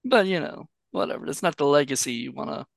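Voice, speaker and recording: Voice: mid-range voice, lively intonation, quick pace, vocal fry, no room sound. A podcast co-host chatting casually about a movie, rambling with many fillers and restarts. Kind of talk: casual movie-review chat.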